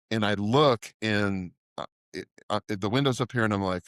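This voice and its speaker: A middle-aged man with a fairly low voice tells a long, profane story on a casual podcast, rambling and laughing as he goes. The sound is dry and close, with no room around it. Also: normal speed, a bit bright, no echo. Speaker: podcast co-host.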